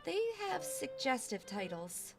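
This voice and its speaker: A woman's voice: on the high side, big pitch swings, unhurried, creaky, music in the background. A young woman streamer playing a game, reading its text aloud and commenting in a bemused, playful way.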